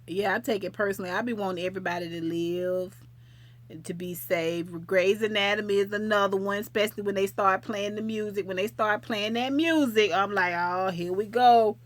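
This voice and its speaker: A woman's voice: mid-range voice, fairly even intonation, fairly quick, a bit bright. A woman hosting a late-night livestream, chatting casually and affectionately with viewers and rambling from topic to topic. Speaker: livestream host.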